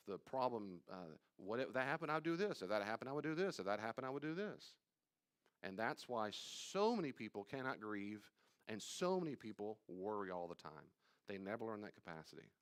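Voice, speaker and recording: Male pastor leading a live Bible study, mid-range voice, repeats key lines with force, then drops low and confiding. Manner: emphatic and repetitive, swinging from loud stresses to quiet asides; conversational, addresses listeners directly.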